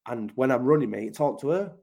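A man's voice: mid-range voice, expressive, fairly quick, creaky, dark tone. A man from Manchester with an English accent, a podcast guest talking in a blunt, emphatic way, swearing often and calling the host mate. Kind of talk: casual conversational interview.

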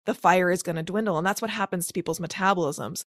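A woman's voice: fairly low pitch, quick pace, dry recording, studio quality. A woman coach in her thirties, a guest on a podcast interview, explaining things step by step with examples and analogies. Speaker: guest, macro-counting coach.

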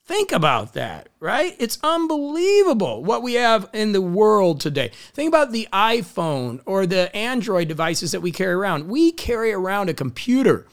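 A middle-aged man with a high, gravelly voice delivers a motivational talk. He is upbeat and enthusiastic, and he moves easily from advice into stories. Now and then he acts out the people in those stories. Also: normal speed, few pauses. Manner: energetic, enthusiastic, storytelling with acted quotes. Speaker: motivational speaker.

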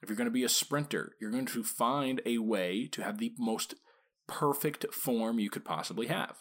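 A man hosting a podcast about dog training, talking casually and asking his listeners rhetorical questions. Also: mid-range voice. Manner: conversational, asks rhetorical questions, acts out quick quoted lines.

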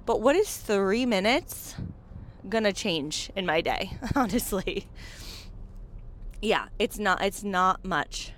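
A woman's voice: mid-range voice, expressive, slow, pauses often, slight background noise. A pregnant woman in her thirties hosting a casual solo podcast, chatty, saying "like" often and laughing between phrases. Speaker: podcast host.

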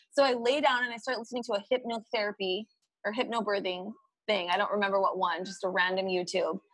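A woman guest telling a story in a casual, animated way, laughing often and quoting her own thoughts aloud. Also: medium pitch, dry recording, poor audio. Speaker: podcast guest.

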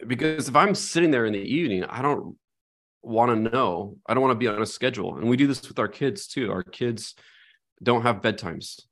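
A man's voice: mid-range voice, brisk. A middle-aged man co-hosting a podcast, talking through ideas in a thoughtful, reflective way and often checking in with "right?". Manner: thoughtful, reflective, frequent "right?" tag questions. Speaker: podcast co-host. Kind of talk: casual conversational chat.

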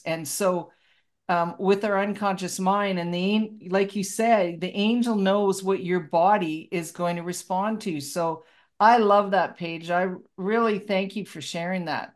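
Woman co-host, mid-pitched voice, gushing and chatty. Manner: effusive and praising. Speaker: podcast co-host. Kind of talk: casual chat.

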